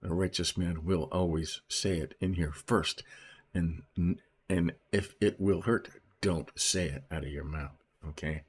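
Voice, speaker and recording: A man's voice: low voice, steady tone, unhurried, breathy edge. A man reading Bible verses aloud and explaining them in a casual teaching manner, often checking in with "right?" and "okay?". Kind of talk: informal Bible study commentary.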